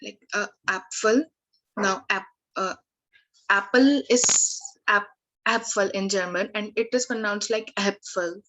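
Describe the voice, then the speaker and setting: A woman language tutor giving a lesson, slowly working through word lists with frequent fillers and restarts. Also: mid-range voice, a bit bright, poor audio.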